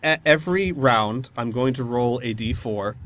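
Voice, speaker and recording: A man's voice: medium pitch, lively intonation, moderate pace, fairly bright tone, dry recording. A man narrating scenes and explaining rules as the game master of a tabletop role-playing game, in a chatty, descriptive way.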